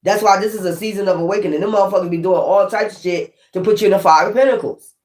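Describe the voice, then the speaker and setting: A woman's voice: mid-range voice, fast talker, darkish tone. A woman giving a casual spiritual tarot reading, swearing often and repeating her points for emphasis. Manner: profane, emphatic and repetitive. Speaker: tarot reader. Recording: echoey room.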